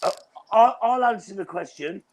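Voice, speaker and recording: A man's voice: high voice, expressive, moderate pace, a little mellow, low-quality recording. An English man joining a fan stream as a guest, teasing the hosts and telling stories. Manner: cheeky, teasing, storytelling. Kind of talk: casual live-stream banter.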